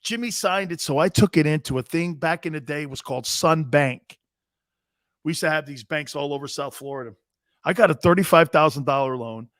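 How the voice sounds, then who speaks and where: A man in his fifties hosting a sports talk show, telling a story in a brash, animated, profane way. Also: fairly high pitch, a little fast, no room sound, studio quality. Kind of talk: casual storytelling.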